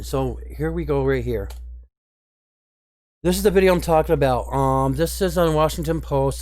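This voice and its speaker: A man's voice: mid-range voice, darkish tone, clear, resonant tone, no room sound. A man giving casual spoken commentary to his viewers, earnest and upset, stressing his points hard. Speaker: video commentator.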